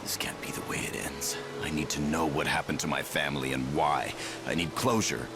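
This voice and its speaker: A grieving older man in a video game, speaking in a very deep, gravelly voice. He is resolved to face his past. Music plays clearly behind him. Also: steady tone, a little fast. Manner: cheerful at first, then sorrowful and resolute. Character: older man whose lost family memories return, grieving.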